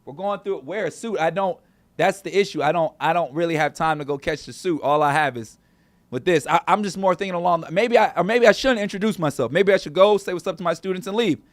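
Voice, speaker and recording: Male streamer host, high-pitched, loose and chatty, dry studio sound. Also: fast, no echo. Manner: rambling, talks straight to chat viewers. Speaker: show host. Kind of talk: casual livestream chat. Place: small studio.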